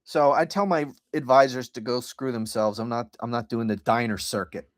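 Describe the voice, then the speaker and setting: A man's voice: mid-range voice, fairly even intonation, normal speed, dry recording, clean studio sound. A middle-aged man hosting a political podcast livestream, ranting bluntly and profanely with frequent restarts.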